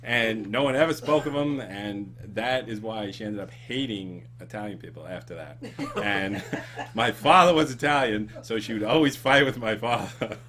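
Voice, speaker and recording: A man's voice: lowish voice, moderate pace, noisy background. A man hosting a casual comedy chat show, rambling with ums and laughs. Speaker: show host.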